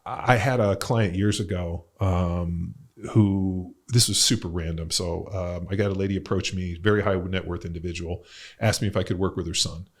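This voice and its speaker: A man's voice: sits low, fairly even intonation, normal speed. A middle-aged man hosting a podcast, talking in a loose, rambling way with lots of fillers and blunt swearing. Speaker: podcast host and coach. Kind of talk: casual podcast chat.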